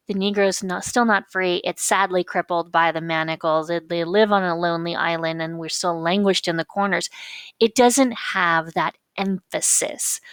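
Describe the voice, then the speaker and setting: A woman teacher explaining figures of speech patiently, reading quotations slowly and with emphasis. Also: mid-range voice, no room sound. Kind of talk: recorded lecture on figures of speech.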